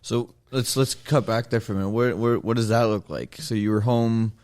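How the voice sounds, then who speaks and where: A man's voice: mid-range voice, steady tone, normal speed, darkish tone. A man hosting a casual podcast interview who gives brief encouraging replies and asks follow-up questions. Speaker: podcast host.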